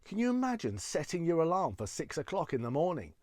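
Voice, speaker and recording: A man's voice: on the high side, huge pitch swings, fast talker, darkish tone, no room sound. Male stand-up impressionist, chatty and self-deprecating, dry close sound. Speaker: impressionist comedian. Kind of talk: stand-up comedy set.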